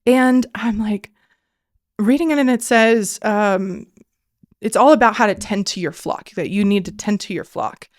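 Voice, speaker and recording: A woman's voice: medium pitch, unhurried. Earnest woman telling a faith story. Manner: earnest, filler-heavy storytelling, often dropping to a hushed voice for quoted prayers. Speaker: podcast guest. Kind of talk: emotional personal faith story.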